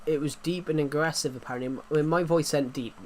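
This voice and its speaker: A man's voice: fairly high pitch, fairly even intonation, fast, slight background noise. An English man chatting casually on a livestream, rambling with many restarts and fillers, his throat sore. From England. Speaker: livestream host.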